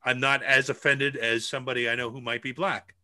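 A man's voice: medium pitch, little pitch movement, brisk, pushed and bright, no room sound. A man on a podcast pressing his point with insistent questions. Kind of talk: casual podcast chat.

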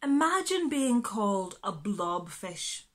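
A woman's voice: mid-range voice, very animated, takes it slowly. A woman doing a sighing storybook blobfish. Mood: mournful. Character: mournful blobfish, sighing and self-pitying.

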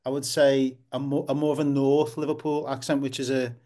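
A man's voice: mid-range voice, little pitch movement, brisk, mellow. A man, a football writer, as a guest in a casual podcast interview, explaining at length and restarting often.

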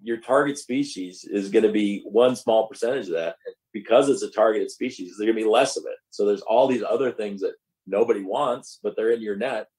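A man's voice: on the low side, a little fast, a little mellow, poor audio. A man on a panel chatting conversationally, explaining his point at length. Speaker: crew member. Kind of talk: casual panel chat.

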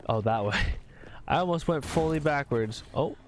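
A man's voice: on the high side, animated, moderate pace, slight background noise. A man streaming a video game, commenting live in a profane, goofy way with silly voices. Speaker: gaming streamer.

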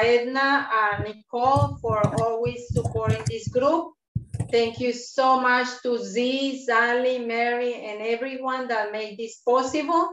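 Slow, encouraging high-voiced woman instructor. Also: noisy background. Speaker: yoga and meditation instructor. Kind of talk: guided breathing and chair yoga class. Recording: roomy, distant, dull video-call sound.

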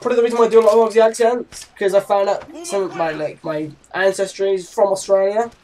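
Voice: mid-range voice, fairly even intonation, fast talker, darkish tone, slight background noise. Teen gamer with an English accent, mid-range voice, rambling chatty commentary over gameplay. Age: late teens. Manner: rambling, chatty, giggly asides. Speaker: gaming channel host.

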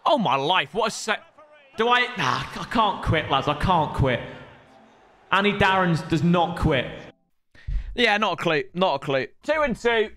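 A young man commentating live on a video game he is playing, excitable, teasing his opponent and breaking into shouts. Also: high-pitched, measured pace, pauses often.

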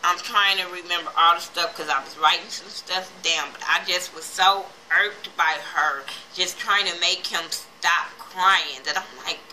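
A woman recaps a TV drama episode in loose, profane commentary. Her voice is bright and edged, and she pushes hard into each reaction. Faint noise sits under the recording. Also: lowish voice, unhurried, hardly any pauses, rough recording. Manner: animated, profane, heated reactions; retells scenes quoting characters. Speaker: TV episode reviewer.

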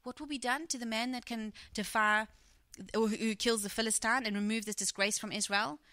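A middle-aged woman preaching a sermon, retelling a story and acting out its quoted speech with lively emphasis. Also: on the high side, a little fast, no echo.

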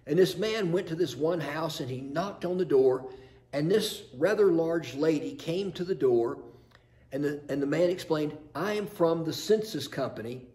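A man's voice: a little high, normal speed, mellow. A man preaching a sermon as pastor in a chapel, earnest and storytelling, posing rhetorical questions.

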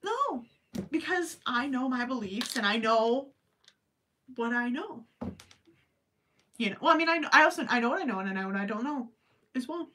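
Woman streamer, casual craft chat, bright voice, a little off-mic, swings from emphatic to hushed. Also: a little high, normal speed, pauses often, far from the mic, slight background noise. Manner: animated, emphatic, trails off to near-whispers. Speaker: crochet live streamer.

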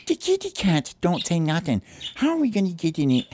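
A man voicing an excitable pet bird playing detective, with squeaky, indignant outbursts in a home-made pretend play. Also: brisk, slight background noise.

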